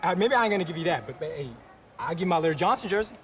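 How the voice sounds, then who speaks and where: A swaggering young man bragging to his buddy in a comedy film. His slangy talk runs high in pitch, with soft music underneath. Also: lively intonation, rapid-fire.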